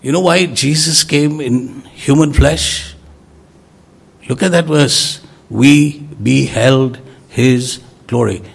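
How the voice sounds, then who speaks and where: A man delivers an emphatic sermon, rising into loud exclamations and then dropping to soft low words. His voice is gravelly and husky, and he takes his time. He speaks to a congregation as their preacher. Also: slow pace.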